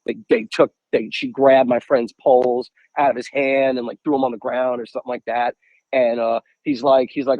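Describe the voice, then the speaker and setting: A young man from the United States tells stories in an easy, animated way, often slipping into the voices of the people he quotes. His voice sits at an average pitch. The recording is dry and a little muffled. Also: brisk, no echo. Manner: animated, acts out quotes, many repeated "I'm like". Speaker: podcast guest, angler. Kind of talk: casual storytelling.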